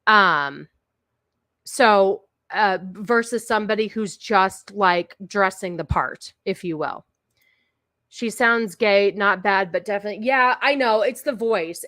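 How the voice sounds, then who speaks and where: A woman's voice: medium pitch, unhurried, fairly bright tone, no echo, clean studio sound. A woman hosting a casual live stream, talking in a chatty, rambling way with many fillers and restarts. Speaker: streamer host.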